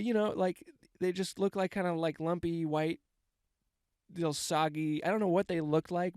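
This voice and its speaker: A man's voice: fairly high pitch, a little mellow, clean tone, dry recording, studio quality. A man, telling a rambling, self-mocking comic story and swearing freely. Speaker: comedian. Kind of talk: casual comedic storytelling monologue.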